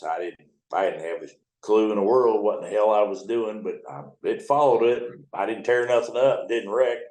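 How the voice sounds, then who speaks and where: An American towboat captain in his seventies spins folksy, profane yarns during an interview. His voice is lowish and darkish in tone, and the low-quality recording is reverberant.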